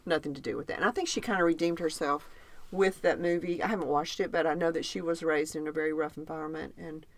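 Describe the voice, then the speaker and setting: Laughing frequently, a woman co-hosting a podcast tells lively stories in easygoing chat. Her voice is low-pitched, and the recording has no echo.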